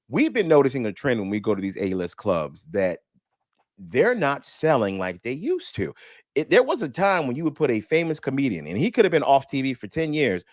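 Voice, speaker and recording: A middle-aged man, a comedian co-hosting a radio talk show, chatting in an animated, emphatic way. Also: mid-range voice, dry recording, clean studio sound. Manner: animated, emphatic, says bro and man a lot. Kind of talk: casual comedy radio banter.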